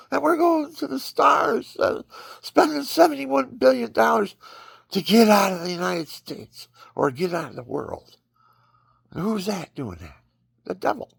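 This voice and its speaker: A man with a gravelly, husky voice, giving a rambling, preachy religious monologue and acting out scenes with sudden high cries. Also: no echo, clean studio sound.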